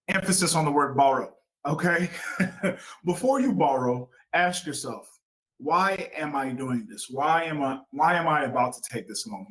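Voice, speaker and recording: A man's voice: on the high side, a bit bright, low-quality recording. A man hosting an educational talk show, speaking upbeat to the listeners as folks. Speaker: podcast host.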